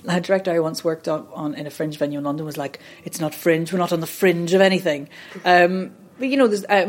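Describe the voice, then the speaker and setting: A woman's voice: fairly low pitch, a little mellow. Chatty woman voice coach in her thirties. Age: 30s. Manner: chatty, rambling, self-deprecating with frequent restarts. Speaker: voice and accent coach. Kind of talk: conversational podcast interview.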